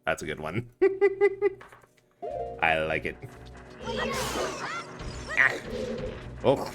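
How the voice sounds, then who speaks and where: Rumbling low, with lively intonation and drawn-out words, this young man streams a game from a hot room at home. He jokes with his chat in a cobbled-together Scottish accent, laughing often and naming viewers, while game music plays in the background.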